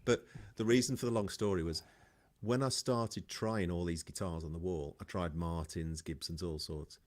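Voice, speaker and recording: A man's voice: deep voice, steady tone, normal speed, darkish tone. A man guest musician telling a story in casual chat on a video call.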